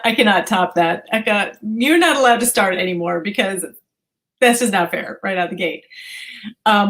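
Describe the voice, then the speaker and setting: A middle-aged woman co-hosting a parenting show, chatting casually in a measured way with dry humor. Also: mid-range voice, a bit bright, rough recording. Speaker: parenting magazine co-host. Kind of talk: casual chat.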